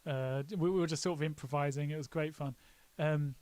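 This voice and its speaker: A man's voice: on the high side, steady tone, brisk, darkish tone, no echo. Joking male streamer, dry close sound. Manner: joking, self-mocking. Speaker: live stream host. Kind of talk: casual live stream walkthrough.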